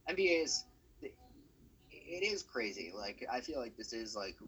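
A man co-hosting a sports podcast, talking casually in a ranting, profane and animated way. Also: mid-range voice, measured pace, slight background noise, poor audio. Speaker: podcast co-host.

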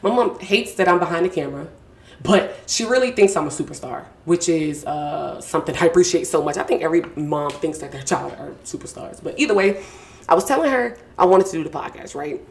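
A young woman hosts her podcast from a small home studio, speaking into a podcast mic. Her voice sits a little low for a woman. She talks in a loose, slangy, heartfelt way and piles up thank-yous. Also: lively intonation, fairly quick. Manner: warm, effusive, slangy, repeats thank-yous. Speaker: podcast host. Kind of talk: casual heartfelt podcast talk. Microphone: podcast mic with mixing board.

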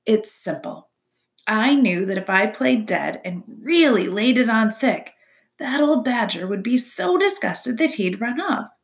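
A woman's voice: fairly high pitch, animated, a little slow, creaky. A woman voicing a chatty, theatrical female opossum who loves to perform, in a storybook reading. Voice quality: bright, gushing, theatrical.

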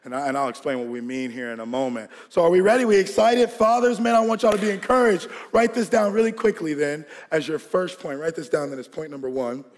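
A man from Georgia preaching a sermon, telling a lively childhood story with laughter and call-and-response to the congregation. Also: a little high, fast talker, hardly any pauses. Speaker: pastor. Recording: long hall reverb.

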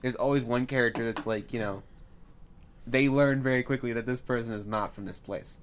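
A man's voice: mid-range voice, smooth. A man hosting a casual comedy podcast, rambling through a made-up film plot and briefly acting out its characters. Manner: rambling storyteller who acts out characters in quick bits. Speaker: podcast host.

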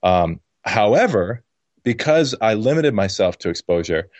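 Podcast guest guy, lowish voice, thinks out loud, dry close sound. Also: very animated, unhurried, dry recording, muffled recording. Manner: thoughtful, hesitant with fillers. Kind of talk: podcast interview.

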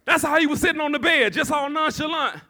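A male pastor in full sermon mode, with a very high voice and a bright, forceful edge. He calls on the congregation to respond and climbs into shouts as he preaches. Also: fast.

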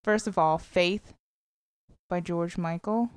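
Slow-talking woman who sings along. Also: on the low side, fairly even intonation, smooth. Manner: chatty, breaks into sung song snippets; blunt, swears casually. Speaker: podcast co-host. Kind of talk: casual chat.

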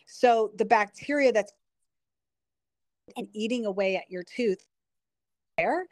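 A woman's voice: medium pitch, slow, a little mellow, no echo, clean studio sound. A middle-aged woman, a nurse and guest, explaining at length in conversation and telling stories with frequent restarts. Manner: chatty, explanatory, storytelling with restarts. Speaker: guest, nurse and product founder. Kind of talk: conversational interview.

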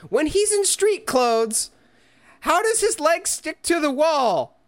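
A young man co-hosting a casual chat, telling stories quickly in a jokey, lively way. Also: very high-pitched, no room sound, studio quality. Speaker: podcast co-host.

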